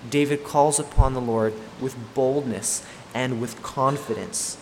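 A man's voice: medium pitch, fairly even intonation, a little slow, darkish tone. Male preacher, emphatic and repetitive, long hall reverb with faint room hiss. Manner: emphatic, repeats key points. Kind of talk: expository sermon.

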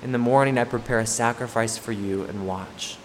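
A man's voice: medium pitch, fairly quick. A man preaching a sermon, stressing and repeating his main points. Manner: emphatic, repeats key points. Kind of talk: expository sermon. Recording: long hall reverb, faint room noise.

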